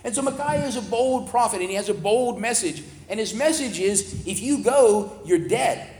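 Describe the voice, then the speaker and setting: A man's voice: high voice, lively intonation, moderate pace, darkish tone. A man giving a plain-spoken, conversational Bible lesson, explaining the text as he goes. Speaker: Bible teacher. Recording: echoey hall with long reverb.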